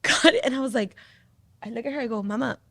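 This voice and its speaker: A woman in her thirties hosting a podcast, chatting casually and telling animated stories, acting out what her daughter said. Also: on the high side, fast, no room sound. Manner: animated storyteller, acts out quotes of her daughter. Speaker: podcast host. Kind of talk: casual chat.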